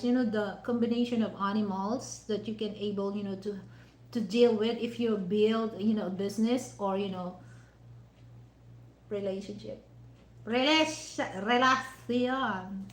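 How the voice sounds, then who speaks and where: A woman vlogger chats casually over dinner, rambling, leaning on "you know" fillers, and using non-native phrasing. Her voice is on the high side, and the recording is rough with a roomy sound.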